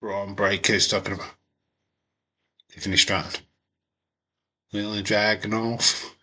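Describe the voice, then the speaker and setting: A man giving chatty live reaction commentary on a wrestling show, with sudden bursts of excitement. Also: fairly low pitch, a little slow. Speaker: wrestling watch-along streamer.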